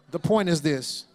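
A pastor in his forties delivering a sermon, telling a personal story with lively impressions of the people in it. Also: on the high side. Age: 40s. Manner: storytelling with animated impressions and laughter.

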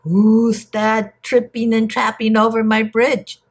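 A woman doing a shouting, growling troll. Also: fairly high pitch, little pitch movement, slow, slightly rough, pitched above the performer's own voice, exaggerated voice. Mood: menacing. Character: horrible ugly smelly male troll guarding a bridge.

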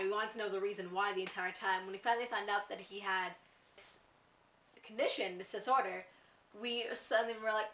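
A teenage girl chatting excitedly about a book to camera, gushing, with lots of "like"s and restarts. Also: medium pitch, brisk. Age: teens. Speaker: book vlogger. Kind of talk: casual book review to camera. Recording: echoey room, somewhat far from mic.

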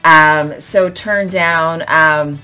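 Young woman teaching english words, low voice, chatty, says um a lot, acts out little examples. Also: steady tone, very slow, bright, forceful tone, smooth, soft background music. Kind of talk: casual explanatory vocabulary lesson.

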